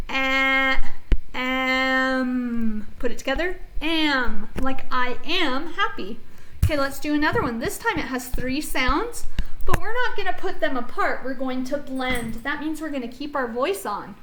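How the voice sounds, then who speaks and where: A woman teaching an early reading phonics lesson to children, speaking clearly and encouragingly as she models each sound. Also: high-pitched, lively intonation, moderate pace, a bit bright, a little hiss or hum, rough recording.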